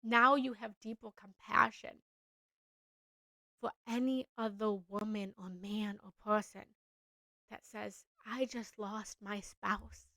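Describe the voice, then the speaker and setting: A young adult woman, a spiritual coach, speaking earnestly in a live coaching session, repeating gentle affirmations. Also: medium pitch, steady tone, slow, no echo.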